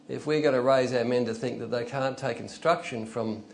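A man's voice: mid-range voice, fairly even intonation, a little slow, noisy background. An older man preaching an informal, conversational sermon, telling stories and rising into emphatic bursts. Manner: conversational, storytelling, chuckles, rises to emphatic bursts.

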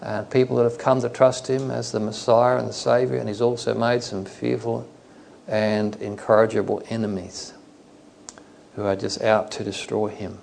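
A man from Australia preaching a Bible study in a loose, conversational way, pausing with fillers as he explains the text. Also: lowish voice, flat delivery, vocal fry, a little mellow, slight background noise.

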